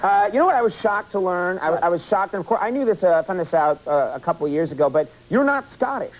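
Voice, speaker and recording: Joking talk show host, animated. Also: male voice, high-pitched, quick pace. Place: TV studio. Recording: dull lo-fi old TV tape.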